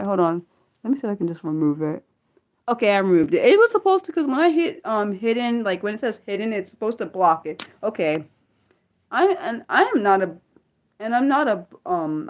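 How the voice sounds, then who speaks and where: A woman hosting an unscripted livestream, reading viewer chat and answering aloud in a rambling, restarting way, often asking her audience questions. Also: medium pitch. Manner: rambling, thinks aloud, many restarts and fillers; talks directly to viewers and asks them questions.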